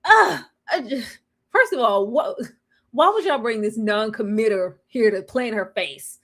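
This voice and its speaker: Sassy woman co-host, high and animated delivery, mocking impressions. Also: moderate pace. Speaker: co-host of a reality show recap. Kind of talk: casual live-stream commentary.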